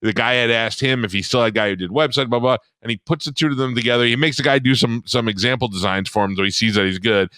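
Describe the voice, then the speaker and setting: A man's voice: medium pitch, quick pace, few pauses, sharp tone, no echo, clean studio sound. A man hosting a casual chat, telling a profane story and acting out both sides of a phone call.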